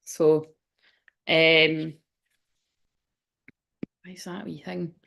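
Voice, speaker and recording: A woman's voice: deep voice, little pitch movement, drawn-out words, gravelly, fairly bright tone. A woman reading oracle cards on a casual livestream, chatty and rambling, often exclaiming and laughing at herself. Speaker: tarot and oracle card reader hosting a livestream.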